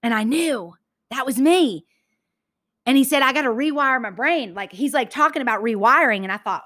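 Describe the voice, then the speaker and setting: A woman's voice: fairly high pitch, bright, forceful tone. Emphatic Southern woman speaker. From Georgia, US. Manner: emphatic, repeats key phrases slowly for effect; addresses listeners as y'all. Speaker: motivational speaker. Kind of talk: inspirational talk.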